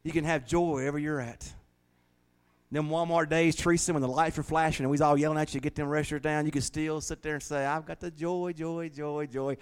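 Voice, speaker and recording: A man's voice: on the high side, flat delivery, fast talker, clean tone. A man preaching a folksy, joking sermon in a small church, laughing often. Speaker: pastor.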